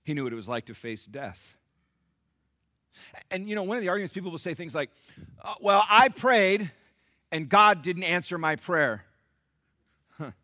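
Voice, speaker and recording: A man preaching a sermon as pastor, calling out to the congregation for responses and swinging between loud emphatic bursts and hushed, soft passages. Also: sits high, lively intonation, normal speed, long pauses, dry recording, clean studio sound.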